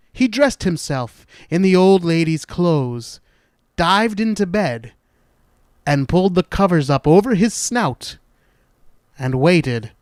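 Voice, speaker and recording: A man hosting a spooky podcast, narrating a horror story in a slow, deliberate, dramatic way, dropping to hushed dark turns. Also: on the high side, clean tone, no room sound, clean studio sound.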